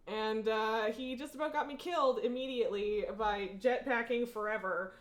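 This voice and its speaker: A woman's voice: fairly high pitch, moderate pace. A woman streaming a game from home, chatting casually, laughing often and cooing to her cat. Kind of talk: casual live-stream chat while gaming. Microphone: headphones on, desk setup.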